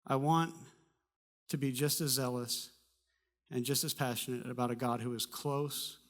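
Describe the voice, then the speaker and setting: A pastor preaching a sermon, telling a personal story in a conversational way with humor and animated bursts. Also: male voice, medium pitch, moderate pace. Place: church.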